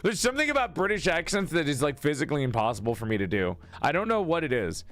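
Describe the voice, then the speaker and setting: A man's voice: fairly high pitch, big pitch swings, fast, fairly bright tone. A man streaming, chatting casually with his viewers, joking and teasing as he reads their messages aloud and answers.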